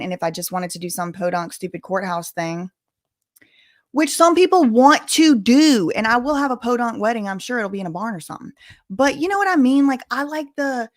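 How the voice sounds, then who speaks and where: Girl on a livestream from home, gushy and excitable, thanking donors, mid pitch. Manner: excitable, gushing, quick shifts between chatty and emotional. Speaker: livestream host. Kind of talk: casual livestream chat reading donations.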